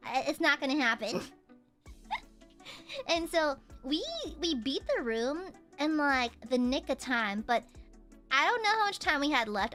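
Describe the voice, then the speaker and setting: In casual chat, a high-pitched woman streamer tells a story in an animated way, laughing often and swearing casually.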